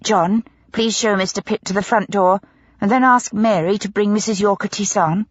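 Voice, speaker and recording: A woman voicing a bold, defiant young woman posing as a lady's maid, speaking quickly and sharply. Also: medium pitch, fairly even intonation, slightly rough, no echo, highs cut off, natural voice. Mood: commanding.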